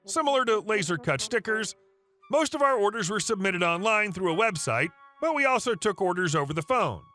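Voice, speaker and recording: Bright-voiced man reading stories. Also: high-pitched. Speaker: narrator. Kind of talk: scripted narration of online stories.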